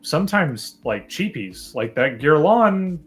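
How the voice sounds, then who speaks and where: A man's voice: fairly high pitch, big pitch swings, takes it slowly, soft background music. A man, a guest on a live fragrance chat, making long, thoughtful, winding points.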